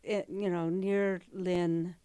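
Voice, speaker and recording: A woman's voice: fairly low pitch, little pitch movement, takes it slowly, warm tone, smooth, no room sound. A woman in her sixties from Northern Virginia, a guest telling stories in a casual interview and laughing often. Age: 60s. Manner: chatty storyteller, laughs often.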